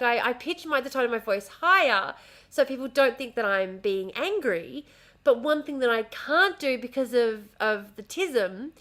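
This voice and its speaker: Australian woman streamer, casual and swearing, higher pitch, bright tone. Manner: chatty, swears freely, speaks with a smile. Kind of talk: casual livestream chat. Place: home room. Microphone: desk mic at home.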